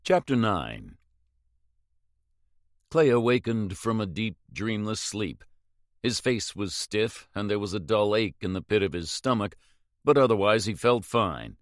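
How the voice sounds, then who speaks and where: A man reading a novel aloud in measured, even scripted narration. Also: fairly low pitch, dry recording, studio quality. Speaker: audiobook narrator.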